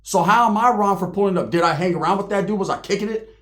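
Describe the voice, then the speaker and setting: A man's voice: high-pitched, quick pace, a bit bright. A man hosting his online show, ranting straight at the camera in profane, slangy street talk. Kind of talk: heated direct-to-camera rant.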